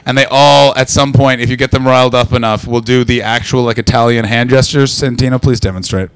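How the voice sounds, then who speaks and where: A Canadian man doing loud, crude crowd work as a stand-up comedian in a comedy club. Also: mid-range voice, fairly even intonation, brisk, clear, resonant tone.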